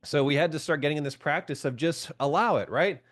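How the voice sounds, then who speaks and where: A man's voice: fairly high pitch, a little fast, a bit bright, faint music behind. A man leading a group call as a coach, chatting casually, asking his listeners questions and laughing often. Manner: chatty, asks the audience questions, laughs often, keeps saying "right?"; reads out and answers viewers' comments by name.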